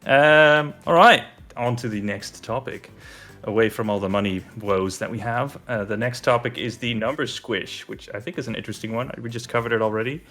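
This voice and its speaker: A man hosting a casual podcast chat, upbeat and quick to joke and laugh. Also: medium pitch, fairly bright tone, faint music behind. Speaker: podcast host.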